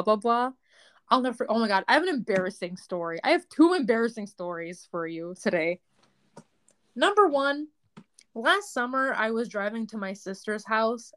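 A woman, co-hosting a podcast in casual chat and acting out the voices in her stories. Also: medium pitch. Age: 20s. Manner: animated storytelling, acts out quoted voices. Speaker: podcast co-host.

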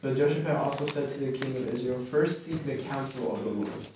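A man reading scripture aloud to a study group in a steady, plain way, with small slips. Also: medium pitch, quick pace, background noise. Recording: echoey room, voice far from mic.

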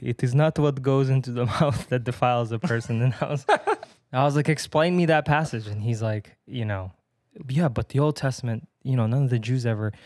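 Young man telling a lively story. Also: medium pitch, no room sound, clean studio sound. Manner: storytelling, animated, laughs mid-sentence. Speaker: podcast co-host. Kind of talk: casual chat.

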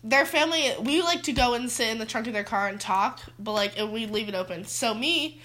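A woman's voice: a little high, fairly quick, a bit bright. A teenage girl co-hosting a casual podcast, telling childhood stories and laughing often mid-sentence. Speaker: podcast co-host. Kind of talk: casual chat, storytelling.

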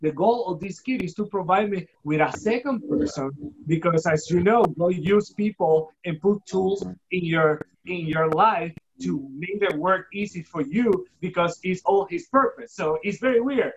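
A guest giving an emotional personal testimony, halting and repeating words for emphasis, acting out remembered dialogue. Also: lo-fi sound, slight background noise. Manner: acts out quoted dialogue with shifting pitch. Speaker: guest telling a personal story.

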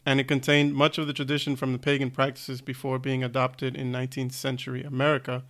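A man's voice: mid-range voice, monotone, quick pace, a bit bright. A man hosting a podcast, chatting and reading out facts with frequent hesitations and fillers. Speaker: podcast host. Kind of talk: casual chat with read-out facts.

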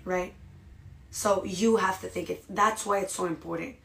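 A woman hosting a podcast, giving a motivational monologue straight to her listeners, dramatic and animated, with many rhetorical questions. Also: on the low side, moderate pace, vocal fry. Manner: animated and dramatic, acts out inner voices. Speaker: podcast host.

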